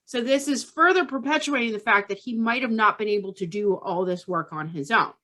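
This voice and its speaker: A woman's voice: fairly high pitch, a little fast, fairly bright tone. A woman hosting a podcast, telling a true-crime story casually and tagging her lines with "okay?". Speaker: podcast host.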